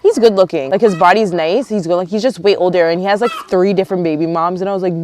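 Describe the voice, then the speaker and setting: A woman's voice: mid-range voice, quick pace, few pauses, a little hiss or hum. Chatty young woman telling dating stories. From Canada. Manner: chatty and animated, lots of "like" and quoted dialogue. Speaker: vlogger. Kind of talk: casual storytime vlog. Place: outdoors near a yard with roosters and hens. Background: roosters and hens.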